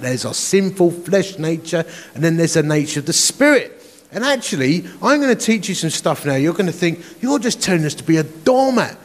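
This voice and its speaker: A man in his forties, a pastor, preaching a conference sermon in a chatty, self-mocking storytelling way. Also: on the high side. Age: 40s. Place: large conference hall. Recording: echoey conference hall.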